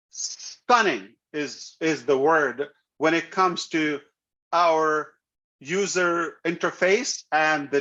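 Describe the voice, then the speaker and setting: A man hosting a live online meeting, pitching a product with emphatic, repeated phrases. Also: pushed and bright. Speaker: company leader hosting a live web meeting. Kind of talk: enthusiastic pitch to an online audience. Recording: dull lo-fi web call audio.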